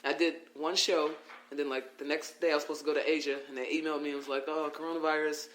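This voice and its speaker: A man guest, a wrestler, telling stories in a casual podcast chat and acting out the people he quotes. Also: on the high side. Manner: animated, quick, acts out quoted voices. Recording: roomy with faint noise.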